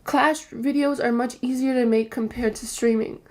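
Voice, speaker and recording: Young woman, high voice, live streamer, rambling, frustrated, cursing. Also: fairly even intonation, moderate pace. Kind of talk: venting to stream chat.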